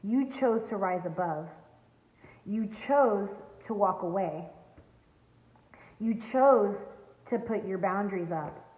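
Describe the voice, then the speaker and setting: Taking it slowly and pausing often, a woman with a mid-range voice delivers an earnest tarot reading to her viewers. She is emphatic, with the tone of a spiritual coach, speaking from home near a backyard. The sound is echoey and tinny, phone-like.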